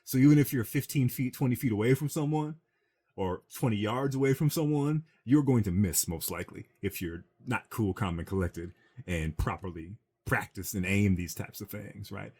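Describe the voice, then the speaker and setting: A man with a very low voice talks casually on a gaming chat show. He rambles through a film's plot and dips into a growly register for the characters' quotes. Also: moderate pace, mellow, breathy edge. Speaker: podcast co-host. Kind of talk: casual chat retelling a film.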